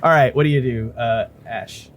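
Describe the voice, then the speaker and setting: A man's voice: medium pitch, normal speed. A man running a tabletop game as dungeon master, talking loosely with fillers and swearing.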